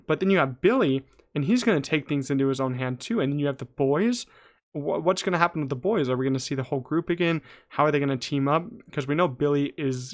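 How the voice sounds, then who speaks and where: An excited young man talks straight to his viewers in a loose, rambling review. His voice sits a little high, and he keeps breaking off and restarting his sentences. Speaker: YouTube show reviewer. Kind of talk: casual solo review talk.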